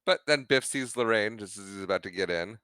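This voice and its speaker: Laughing, bright-voiced man recapping a movie. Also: fairly low pitch, expressive, smooth, no echo, studio quality. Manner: retells scenes with quick acted-out quotes, laughs often. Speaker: podcast co-host. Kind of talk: casual movie recap chat.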